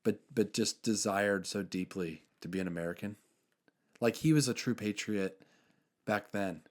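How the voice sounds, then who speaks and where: A young man hosting a podcast, telling faith stories in earnest, casual chat with many fillers and soft trailing endings. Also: lowish voice, normal speed. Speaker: podcast host.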